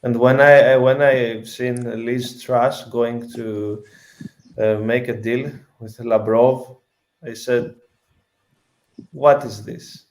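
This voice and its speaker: A man from Greece, speaking earnestly and haltingly in a casual video call debate. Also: medium pitch, little pitch movement. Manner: earnest, halting, restarts sentences. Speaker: panel participant.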